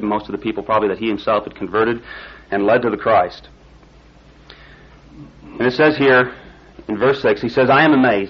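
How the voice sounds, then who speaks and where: Man preaching, husky voice, folksy storytelling, dull lo-fi radio sound. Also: medium pitch. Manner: folksy storytelling, rising excited when telling the climax. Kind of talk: sermon with illustration story.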